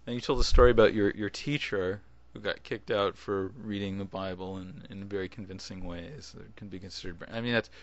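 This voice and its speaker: A man with a fairly low voice talks casually into his webcam, rambling through his thoughts. He restarts his sentences often and chuckles along the way. The sound is dull and lo-fi, like a cheap built-in mic. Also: fairly even intonation, a little fast, hardly any pauses. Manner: rambling, self-interrupting with chuckles. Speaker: video blogger. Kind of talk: casual video response.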